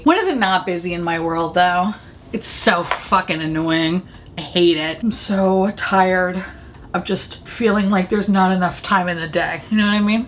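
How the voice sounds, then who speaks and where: A woman chatting through a casual makeup try-on, swearing freely and laughing often, her voice a bit rough from allergies. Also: mid-range voice, a bit bright, a little hiss or hum. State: allergies affecting the voice. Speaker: beauty vlogger.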